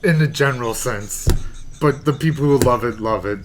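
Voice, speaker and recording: A man's voice: medium pitch, a crowd in the background. A man co-hosting a casual podcast chat, laughing often as he recalls movie nights. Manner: slow, laughs often, lively intonation. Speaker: podcast co-host.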